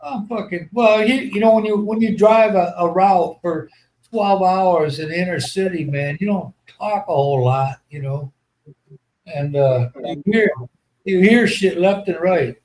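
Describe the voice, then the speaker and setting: Man, host, rambling profane anecdotes, slightly high voice, faint noise. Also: measured pace, a little mellow, rough recording.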